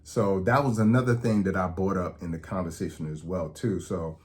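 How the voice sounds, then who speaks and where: A man's voice: low-pitched, steady tone, normal speed, a little mellow. A man talking to camera as a health educator, conversational and explanatory, often checking in with "okay?". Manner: acts out quoted dialogue in anecdotes. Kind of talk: direct-to-camera talk.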